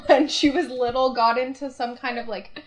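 A woman's voice: high-pitched, normal speed. A young woman telling family stories in casual chat, laughing often and acting out the quotes. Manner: animated storyteller, laughs often, acts out quotes.

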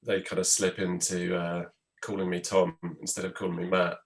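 A man with a very deep voice talks calmly on a panel. He sounds measured and reflective and often hedges with "I guess." He runs a theatre company. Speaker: theatre producer. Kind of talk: casual panel chat.

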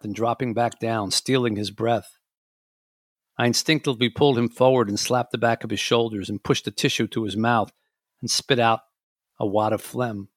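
A man reading a memoir aloud in a measured, reflective way. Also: mid-range voice, a bit bright, dry recording, clean studio sound. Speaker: audiobook reader and podcast host.

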